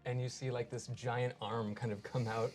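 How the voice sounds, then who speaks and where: A man's voice: medium pitch, flat delivery, moderate pace, darkish tone, faint music behind. A man playing in a tabletop game, chatting casually and laughing often. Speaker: player.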